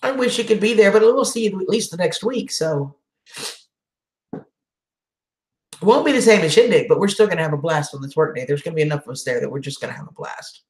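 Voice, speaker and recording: A woman's voice: fairly low pitch, lively intonation, fairly quick, pauses often, reverberant. Emotional woman chatting with viewers. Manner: emotional, warm, reads and answers viewer comments. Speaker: channel host doing a live chat. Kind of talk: casual live-stream chat.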